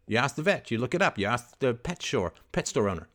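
A man hosting a call-in advice show, scripting a confrontation in forceful, indignant tones with rapid rhetorical questions and swearing. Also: mid-range voice, big pitch swings. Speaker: host.

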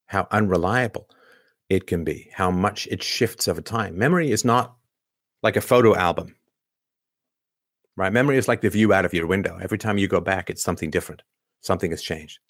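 A man's voice: low-pitched, fairly quick, dry recording, clean studio sound. A man hosting a show, talking through a rambling monologue full of restarts and rhetorical questions. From Canada. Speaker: show host. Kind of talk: casual monologue commentary.

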